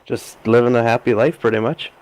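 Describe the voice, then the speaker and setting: A man's voice: mid-range voice, fairly even intonation, a little fast, a little mellow, poor audio. A man from southern Alberta with a Canadian accent, talking easygoing and modest in a post-race interview. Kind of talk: casual interview.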